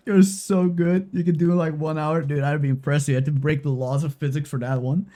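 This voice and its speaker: A woman's voice: deep voice, mellow. A young adult woman streaming a game live, talking emotionally and swearing freely as she repeats herself. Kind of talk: live-stream gaming commentary.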